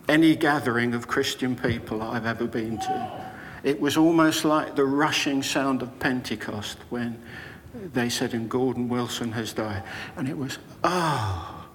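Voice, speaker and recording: An older man preaching a sermon, telling personal stories in a slow, unhurried way. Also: mid-range voice, a bit bright, in a large hall. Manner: slow, storytelling delivery with personal anecdotes. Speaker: Methodist preacher.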